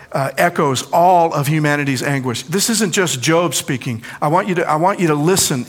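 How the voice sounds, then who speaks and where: A middle-aged man preaching a sermon with a slightly raised pitch. He swings between loud, pleading quotations and quiet, hushed asides. His voice carries with a long reverb through a large church hall.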